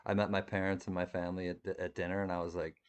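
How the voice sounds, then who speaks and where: Man, livestream host, casual chat, lowish pitch, rambling, frequent laughs. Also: level tone, racing, smooth. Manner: rambling, chatty, laughs often, many restarts. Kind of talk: casual live-stream chat.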